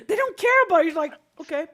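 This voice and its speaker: A woman's voice: extremely high pitch, animated, fairly quick, bright, forceful tone. Chatty swearing woman streamer. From Sweden. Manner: chatty, swears freely, laughs often. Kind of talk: casual livestream chat while drawing.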